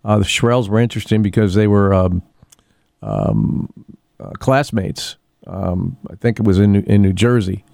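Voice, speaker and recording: A man's voice: on the low side, lively intonation, moderate pace, creaky, a little mellow, no room sound, clean studio sound. A man hosting a casual local radio show, chatting in a rambling way with many fillers and restarts. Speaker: radio host. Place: radio studio.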